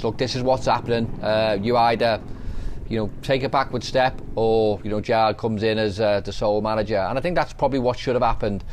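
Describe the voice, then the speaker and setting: A man's voice: mid-range voice, a little mellow, slight background noise. Chatty man telling stories. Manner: chatty, anecdotal, laughs while telling stories. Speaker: podcast host, former footballer. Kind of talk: casual storytelling chat.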